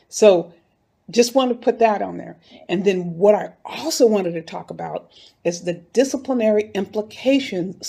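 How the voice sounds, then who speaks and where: A woman speaks in an indignant, heated way, addressing her audience directly as she comments. Her voice carries a gravelly fry, and her pitch sits in an ordinary middle range. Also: a little mellow. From North Philadelphia. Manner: heated, indignant, talks straight to viewers. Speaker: YouTube commentator. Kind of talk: casual commentary video.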